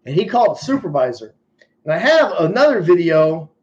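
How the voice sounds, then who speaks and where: A man's voice: on the high side, big pitch swings, fairly quick. A man hosting a live stream, telling stories in a blunt, profane way. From United States. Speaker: livestream host. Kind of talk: casual live stream chat. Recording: muffled stream audio.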